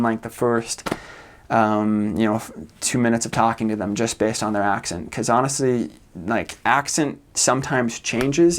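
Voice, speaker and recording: A young man from the United States, chatting casually as a vlogger, with loose, rambling talk full of fillers and soft laughs. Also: mid-range voice, slight background noise. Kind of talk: casual chat.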